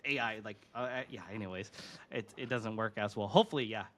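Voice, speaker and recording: A man's voice: fairly low pitch, fast, slight background noise. A man in his thirties hosting a podcast, chatting casually and rambling with many fillers. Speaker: podcast host. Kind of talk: casual chat.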